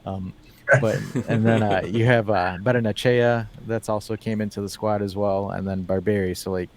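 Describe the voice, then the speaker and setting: A man co-hosting a casual football podcast, talking in a rambling, animated way, full of fillers and restarts, with wry asides. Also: fairly low pitch, moderate pace. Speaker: podcast co-host.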